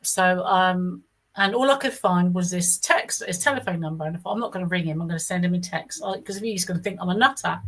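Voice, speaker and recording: This is a rough recording of a middle-aged woman with a lowish, slightly bright voice who speaks briskly. She narrates her own experience in a casual, rambling manner, often restarting and dramatizing what others said.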